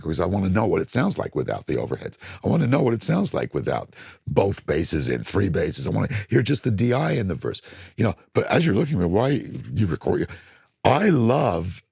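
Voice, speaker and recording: An older man with a very deep, raspy, gravelly voice tells studio stories with lively swings in pitch. He sounds husky and worn. The recording is dry and close. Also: no echo. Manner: animated storytelling, acts out studio voices. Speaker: record producer. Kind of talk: casual interview talk.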